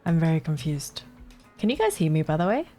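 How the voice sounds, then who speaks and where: A woman's voice: low-pitched, very animated, a little fast, mellow, faint music behind. A young woman streaming live, chatting casually and swearing as she fixes her setup, sounding a little congested.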